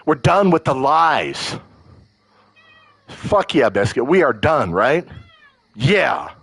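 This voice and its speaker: A man's voice: mid-range voice, very animated, slow, vocal fry, a bit bright, breathy edge, no echo, rough recording. A man hosting a livestream, ranting about politics in a heated, profane and emotional way, often stumbling over his words as he restarts. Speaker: livestream host. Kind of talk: live political rant.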